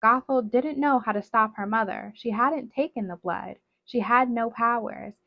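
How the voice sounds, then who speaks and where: A woman reading a novel aloud in steady, dramatic narration, on a dull, dry recording. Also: a little high, normal speed, creaky, no room sound. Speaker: storybook reader.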